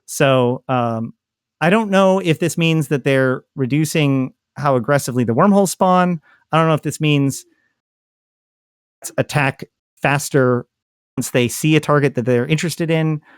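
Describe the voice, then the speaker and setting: A man's voice: on the high side, a little slow, clear, resonant tone, dry recording, studio quality. A man co-hosting a gaming podcast, talking things through casually with many fillers and restarts. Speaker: podcast co-host.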